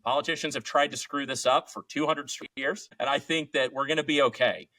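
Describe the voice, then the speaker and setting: A man's voice: medium pitch, steady tone, a little fast, bright, forceful tone. A man in his thirties, a guest on a podcast, talking earnestly and thoughtfully in casual chat, often restarting his sentences. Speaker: podcast guest, legal commentator.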